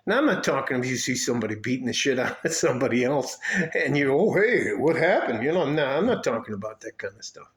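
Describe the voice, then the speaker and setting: A man's voice: medium pitch, lively intonation, quick pace. A man from El Paso, talking in a casual, rambling vlog monologue with frequent swearing, restarts and chuckles. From West Texas, El Paso. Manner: profane, laid-back, trailing restarts and chuckles. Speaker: vlogger.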